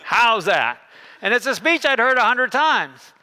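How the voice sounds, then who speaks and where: A man giving a keynote talk on a conference stage, telling a story and acting out the dialogue with lively shifts in tone. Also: very high-pitched, normal speed, clean tone. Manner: animated, acts out dialogue with shifting tones. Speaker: keynote speaker.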